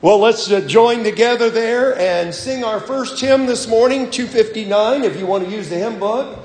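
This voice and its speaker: A man leading a sunrise church service as pastor, speaking in a relaxed, chatty way with many fillers and pauses. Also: high-pitched. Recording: roomy, long reverb, hymn music behind.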